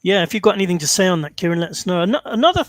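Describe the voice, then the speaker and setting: High-voiced man telling stories. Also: expressive, racing, no room sound. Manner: rambling, many fillers and restarts. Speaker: call-in show host. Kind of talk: casual storytelling.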